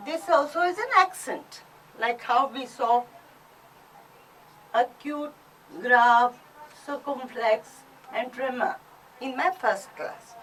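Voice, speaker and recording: A woman with an Indian English accent teaching a French class, slowly drilling words for students to repeat. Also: high voice, a bit bright, far from the mic, slight background noise, poor audio. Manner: slow, deliberate teacher drilling pronunciation. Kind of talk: recorded online class.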